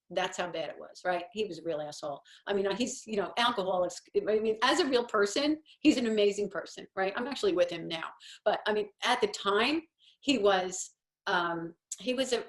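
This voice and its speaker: Rambling, self-mocking woman in her fifties. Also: mid-range voice. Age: 50s. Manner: rambling, self-deprecating storytelling. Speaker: host. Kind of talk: casual coffee-talk monologue.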